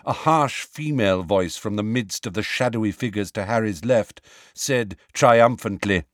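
A man reading a fantasy novel aloud as narrator, measured and dramatic. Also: lowish voice, no echo, clean studio sound. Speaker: audiobook narrator. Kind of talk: scripted narration.

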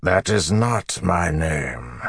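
A man voicing an ancient, arrogant male villain who talks slowly and mockingly. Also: low voice, expressive, vocal fry, fairly bright tone, husky, dry recording, studio quality, pitched above the performer's own voice, heavily acted.

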